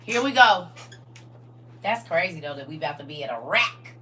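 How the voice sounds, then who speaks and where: A woman's voice: low-pitched, expressive, normal speed, pushed and bright, distant mic. A woman teaching a livestreamed Bible study, reading scripture aloud and talking to her viewers directly in a casual, preachy way.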